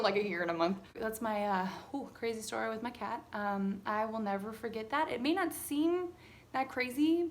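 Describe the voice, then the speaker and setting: Young woman, vlogger, casual storytime, lively and dramatic, slightly high voice, faint background hiss. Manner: animated, swears freely, dramatic retelling.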